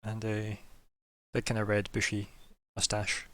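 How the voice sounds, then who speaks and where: A man's voice: fairly low pitch, monotone, measured pace, a bit bright, no echo. A man running a tabletop game as game master, describing scenes loosely with lots of fillers. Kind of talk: casual tabletop game narration.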